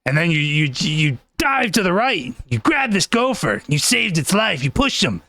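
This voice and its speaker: A man voicing a touchy, grandiose male fortune teller, making slow, solemn pronouncements and snapping commands in a comedy bit. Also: a little high, sing-song, pushed and bright, dry recording, exaggerated voice. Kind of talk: comedic improv character.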